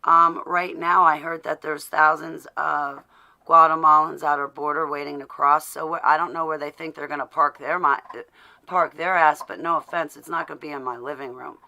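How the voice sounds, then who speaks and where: A woman's voice: sits low, fairly even intonation, normal speed, vocal fry, bright, forceful tone. A woman vlogger in a rambling, sarcastic live video from home, greeting viewers by name as she talks. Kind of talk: casual rambling political rant.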